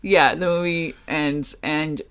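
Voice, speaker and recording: Animated, foul-mouthed podcast co-host. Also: medium pitch, slow, smooth. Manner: animated, swears a lot, laughs often. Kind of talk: casual movie discussion.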